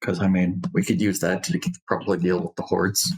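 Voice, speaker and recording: A man's voice: low-pitched, level tone, a little fast. A man playing a tabletop game, making wry remarks and plans. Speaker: player. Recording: roomy echo.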